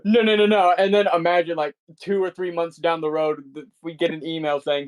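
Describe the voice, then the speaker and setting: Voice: mid-range voice, little pitch movement, brisk, few pauses. A podcast co-host ranting in casual chat, swearing constantly and sounding incredulous.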